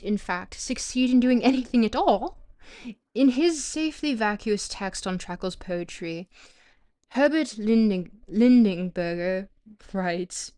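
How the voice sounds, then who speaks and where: A woman's voice: medium pitch, a little mellow. A French-native woman reading a philosophy book aloud on a live stream, stopping often to restart words and check how names are pronounced.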